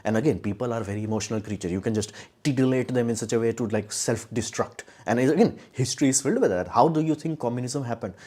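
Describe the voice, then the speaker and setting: A man's voice: mid-range voice, fast talker, hardly any pauses, warm tone. A man giving casual live-stream commentary in a blunt, sarcastic way, rambling with many restarts. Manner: blunt, sarcastic, mocks views in put-on quotes.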